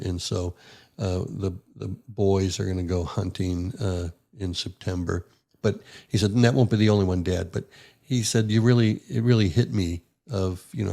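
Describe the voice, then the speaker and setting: A deep-voiced older man with a gravelly edge tells a family story as a podcast guest. He talks in a folksy, conversational way and slips into the voices of the people he quotes. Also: darkish tone. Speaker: podcast guest, retired rear admiral. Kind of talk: casual storytelling.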